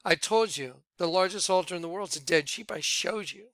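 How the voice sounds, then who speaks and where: A man leading a ministry, talking viewers through images on his screen in an excitable, repetitive way. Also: high voice, fairly quick, dry recording. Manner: excitable, repeats himself, points things out to viewers. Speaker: ministry leader presenting on screen. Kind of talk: screen-share commentary.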